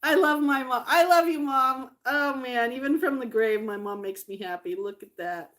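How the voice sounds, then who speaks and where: A middle-aged woman vlogger chatting casually to her viewers, rambling with fillers and doting warmly over old collectibles. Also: high voice, normal speed. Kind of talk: casual livestream chat.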